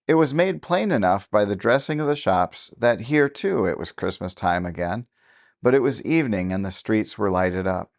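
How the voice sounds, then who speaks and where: A man narrating a classic novel as an audiobook, with steady, even-paced storytelling. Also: lowish voice, normal speed, creaky.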